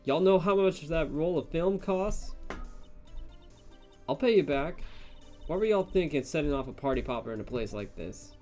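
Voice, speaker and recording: A man voicing a brash, loud Southern woman photographer with a drawling accent and folksy, pushy talk. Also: a little high, expressive, moderate pace, pauses often, faint music behind, pitched above the performer's own voice, natural voice. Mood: indignant.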